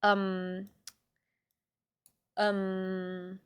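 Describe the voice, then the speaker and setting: A young adult woman streamer chatting casually to her viewers, talking to herself and swearing, sometimes loud. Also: medium pitch, monotone, very slow, smooth, no echo. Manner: talks to herself and to chat, swears, swings loud. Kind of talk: casual chat.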